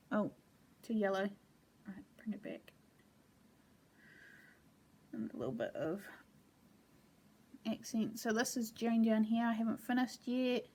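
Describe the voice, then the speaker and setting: A woman sits at home chatting through her needlework projects. Her voice sits a little high, and her talk wanders easily, full of small hesitations. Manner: relaxed, meandering, with frequent ums. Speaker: cross-stitch vlogger. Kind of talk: casual show-and-tell chat.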